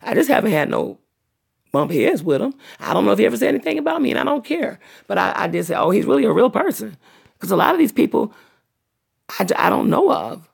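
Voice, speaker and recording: Middle-aged woman ranting on her stream, super gravelly and husky, swears a lot, goes on and on. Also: mid-range voice, big pitch swings, fast. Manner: long-winded, profane, blunt. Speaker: channel host livestreaming. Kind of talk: unscripted livestream rant.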